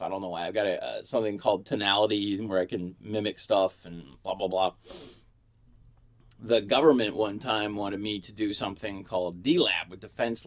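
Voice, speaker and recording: A man's voice: on the low side, fairly bright tone. A middle-aged man from Pittsburgh with no regional accent, rambling through a crude, self-mocking comedy monologue. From Pittsburgh, USA. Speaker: comedian vlogger.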